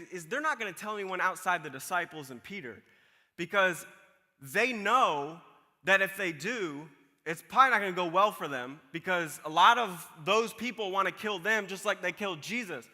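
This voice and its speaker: A man preaching a sermon, reading scripture and retelling it in a casual, animated way, acting out the people in the story. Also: sits high, normal speed, big-room sound. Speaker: pastor.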